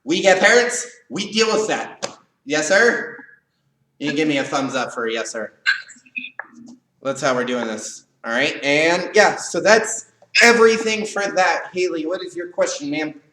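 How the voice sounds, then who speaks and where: A man teaching a live online karate leadership class, animated and acting out students' cries. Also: fairly high pitch, unhurried, slight background noise. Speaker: karate instructor. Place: karate studio, echoey room. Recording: echoey room, voice far from mic.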